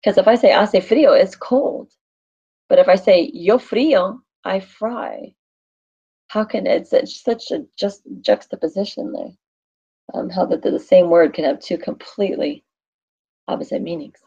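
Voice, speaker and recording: A woman's voice: mid-range voice, unhurried, warm tone, husky, muffled recording. A woman teaching a Spanish class in a classroom, thinking aloud and quizzing her students.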